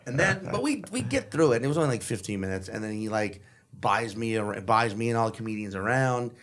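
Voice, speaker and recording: A man's voice: medium pitch, fast. A man who is a comedian, a guest on a podcast, telling a story casually and animatedly, with loose, profane delivery. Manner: animated, acts out the people in his stories.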